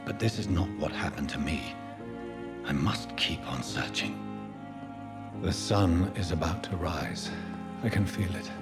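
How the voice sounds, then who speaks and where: A composed, brooding vampire doctor, his voice sitting very low. Every line comes out measured and grave. Game music plays clearly beneath him in the game audio. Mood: solemn. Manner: measured, solemn delivery. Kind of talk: video game dialogue.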